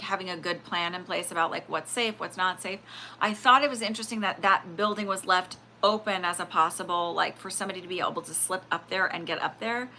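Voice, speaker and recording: Bright-voiced woman chatting on a livestream. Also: lowish voice, a little hiss or hum. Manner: rambling, animated, full of fillers and acted-out quotes. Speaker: livestream spiritual reader. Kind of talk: casual livestream chat.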